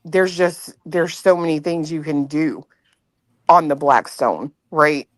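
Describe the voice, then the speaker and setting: Low-voiced woman chatting, dry sound. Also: slow pace, no room sound. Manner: animated, swears, talks in quoted asides. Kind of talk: casual chat.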